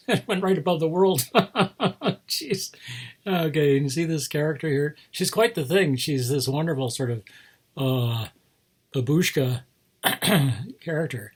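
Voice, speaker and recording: Husky chuckling man rambling on. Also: on the high side. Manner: rambling, chuckling often, trailing off into asides. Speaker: host showing toy figures. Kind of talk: casual chat.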